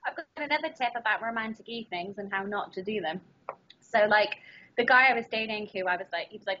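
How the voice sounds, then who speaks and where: A woman's voice: mid-range voice, quick pace, a bit bright, a little hiss or hum. A young woman co-hosting a podcast, telling stories in casual chat, laughing often and acting out her own quotes. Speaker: podcast co-host. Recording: muffled lo-fi podcast audio.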